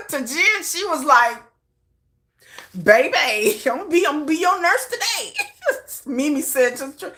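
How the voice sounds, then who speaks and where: Woman, Texan twang, casual live chat, animated swooping voice, chatty. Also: high-pitched. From Texas. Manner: animated, chatty, frequent restarts and laughter. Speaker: K-pop news livestream host.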